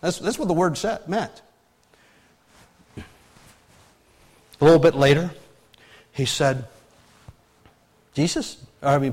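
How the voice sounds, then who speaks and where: A man preaching a sermon as pastor, animated and emphatic, with frequent restarts and loud peaks. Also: a little high, moderate pace, pauses often.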